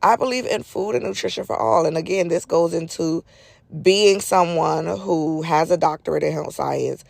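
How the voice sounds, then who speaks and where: A woman's voice: deep voice, normal speed, creaky, a little mellow, no room sound. A middle-aged woman hosting a solo podcast in casual, chatty talk, her nose a little stuffy, with folksy asides. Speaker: podcast host.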